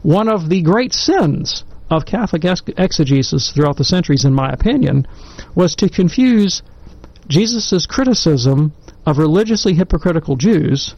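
Man, gravelly voice, dull muffled recording, storytelling and commentary, self-deprecating. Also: a little high, expressive, normal speed, a little mellow. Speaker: panelist on a Catholic discussion show. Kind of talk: conversational anecdote and commentary.

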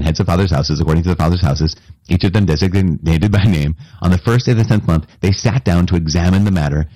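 Deep, husky-voiced man preaching a homily. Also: warm tone, dry recording. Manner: conversational, earnest, with frequent restarts and asides to listeners. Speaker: priest. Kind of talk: sermon.

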